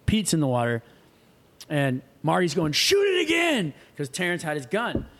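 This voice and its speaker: A man with a somewhat high voice tells a story in loose casual chat. He is animated, acts out the voices of the people in it and swears freely. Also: moderate pace. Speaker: guest.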